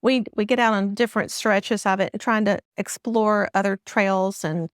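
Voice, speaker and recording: A woman's voice: mid-range voice, steady tone, moderate pace, clear, resonant tone, no room sound, studio quality. A woman with a Southern US accent, chatting as a guest author in a friendly, rambling way. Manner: friendly, chatty, with frequent restarts and fillers. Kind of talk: casual interview chat.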